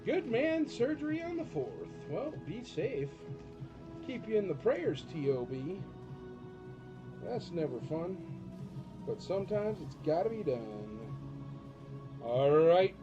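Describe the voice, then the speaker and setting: A chatty man hosts a live auction stream, rambling off into jokes and talking straight to his viewers. His voice sits a touch high for a man. The audio is dull and lo-fi, with loud music playing underneath.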